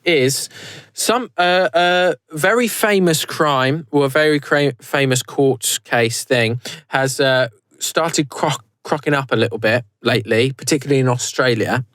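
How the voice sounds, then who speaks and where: A man's voice: mid-range voice, measured pace, fairly bright tone, no room sound, clean studio sound. A British man co-hosting a podcast, chatting casually and restarting his sentences as he goes. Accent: British English. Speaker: podcast co-host. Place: recorded live in a converted prison.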